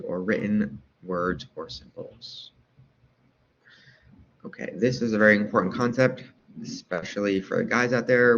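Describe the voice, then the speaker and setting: A man's voice: sits low, fairly bright tone, highs cut off, slight background noise. A man lecturing over slides in a casual way, asking rhetorical questions and often adding "right?" to check in.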